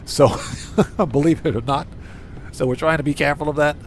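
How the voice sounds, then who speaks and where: A man streaming a video game live, chatting casually, reading viewers' messages aloud and thanking them, with his voice going hoarse. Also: fairly high pitch, fairly even intonation, brisk, a little hiss or hum. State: losing his voice. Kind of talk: casual live gameplay chat.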